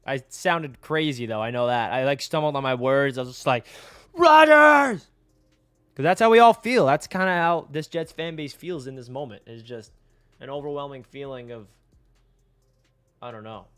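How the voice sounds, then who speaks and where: A young man from the United States hosting a casual live stream, chatty and rambling, answering viewers and now and then breaking into excited yells. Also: mid-range voice, moderate pace, clean tone, no echo, studio quality. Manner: excitable, rambling, bursts into yelling.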